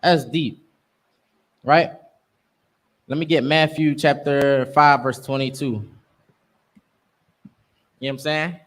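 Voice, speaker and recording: A man's voice: fairly high pitch, fairly even intonation, slow pace, long pauses, fairly bright tone. A young man teaching a scripture class, preaching emphatically in street slang. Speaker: class instructor.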